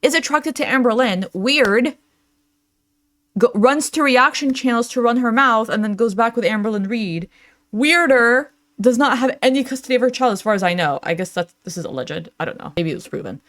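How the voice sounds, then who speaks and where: A woman's voice: a little high, expressive, normal speed, a bit bright, no room sound. Young adult woman, reaction host, casual chatty commentary, filler-heavy, dry close sound. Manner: chatty, lots of fillers, laughs often. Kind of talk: casual commentary reading chat messages.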